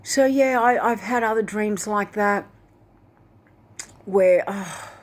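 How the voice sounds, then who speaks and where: A woman's voice: mid-range voice, slow. A woman casually retelling a dream in a rambling way, full of fillers like "like" and "and that". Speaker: Christian video host.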